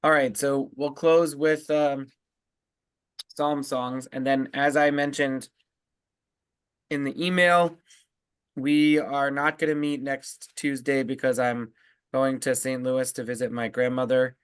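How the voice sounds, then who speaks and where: A man teaching as a rabbi, explaining word meanings in a halting way full of fillers and restarts. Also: mid-range voice, flat delivery, clean tone, no echo. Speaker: rabbi leading a text study. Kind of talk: casual teaching discussion.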